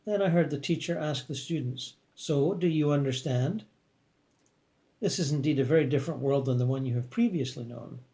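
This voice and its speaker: A man calmly reading a first-person afterlife story in a measured way. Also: medium pitch, gravelly. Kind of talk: scripted first-person narration.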